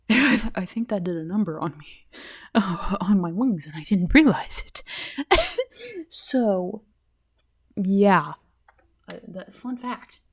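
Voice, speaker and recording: A woman hosting a casual solo podcast, rambling and giggly, often bursting with excitement. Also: mid-range voice, slow pace, long pauses, breathy edge. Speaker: podcast host.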